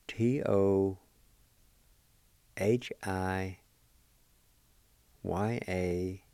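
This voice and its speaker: A man teaching a language lesson, spelling and pronouncing words slowly, syllable by syllable. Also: sits low, warm tone, clean tone, no room sound. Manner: slow, deliberate, syllable by syllable. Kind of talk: slow spelling and pronunciation lesson.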